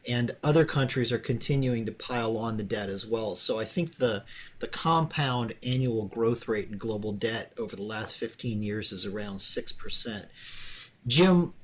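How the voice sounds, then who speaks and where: A man's voice: on the low side, moderate pace. A man hosting a podcast interview, setting up a question with some repeated words. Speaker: podcast host.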